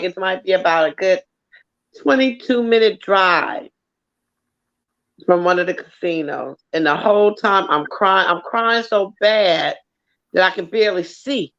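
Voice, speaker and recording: A woman telling a long story in casual chat, animated and swearing freely. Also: medium pitch. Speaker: co-host. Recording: dull lo-fi audio.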